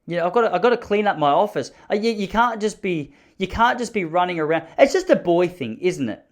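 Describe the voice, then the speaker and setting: An Australian man in his thirties talks through a solo podcast in a loose, rambling way. He riffs wryly and slips into mock dialogue now and then. His voice sits a little higher than most men's. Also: animated, fairly quick. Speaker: podcast host. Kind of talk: solo casual monologue.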